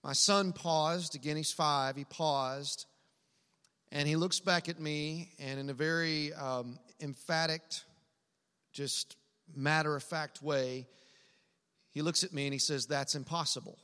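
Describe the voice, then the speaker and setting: Man, pastor, sermon, bright forceful voice, slightly high, conversational storytelling, long church reverb. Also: steady tone, slow pace, clear, resonant tone.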